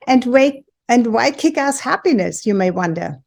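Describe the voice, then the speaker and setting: A woman in her sixties from Europe, hosting a personal talk for viewers in a deliberate, emphatic storytelling manner. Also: on the high side, expressive, gravelly. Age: 60s. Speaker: host and women's empowerment coach.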